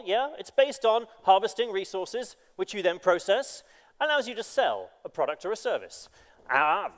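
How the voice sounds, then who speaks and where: A man giving a motivational keynote speech in a large conference hall, speaking emphatically and firing rhetorical questions at the crowd. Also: high voice.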